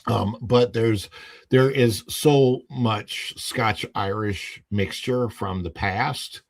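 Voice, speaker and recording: Gravelly man rambling on a livestream. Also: on the low side, extremely slow. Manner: rambling, full of fillers and restarts; jokey, laughs at his own stories. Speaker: livestream podcast host. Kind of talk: casual livestream chat.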